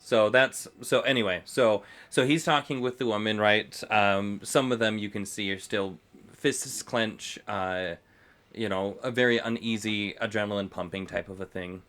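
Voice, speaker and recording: A man with a lowish voice narrates as game master for friends at a table. He talks in a halting way, with frequent ums and uhs. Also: fairly even intonation, fairly bright tone. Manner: hesitant, many fillers.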